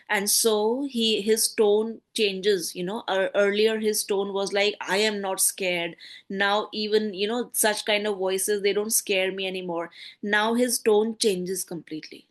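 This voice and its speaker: A woman explains a play line by line as a literature teacher, often checking in with "okay?" and mixing in Hindi. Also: mid-range voice.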